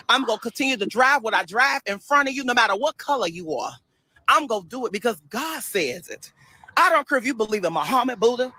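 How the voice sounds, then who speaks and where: A man livestreaming a preachy monologue, loud and animated, sassy and dismissive toward his commenters. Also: very high-pitched, rough recording. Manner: loud and animated, bursts into shouts and laughter.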